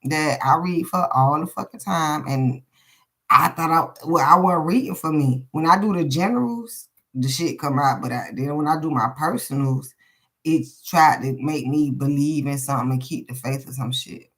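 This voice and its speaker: A woman's voice: low-pitched, moderate pace, rough recording. A woman doing a casual live tarot reading, talking bluntly to her viewers with lots of swearing and frequent laughter. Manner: profane, blunt and chatty with viewers; laughs often between questions. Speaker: tarot card reader. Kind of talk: casual live-stream chat.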